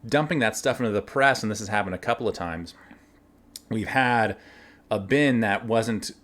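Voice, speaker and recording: A man casually telling workplace stories, animated, laughing now and then and acting out the lines of others. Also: fairly low pitch, moderate pace. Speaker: winery cellar worker telling stories. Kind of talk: casual storytelling.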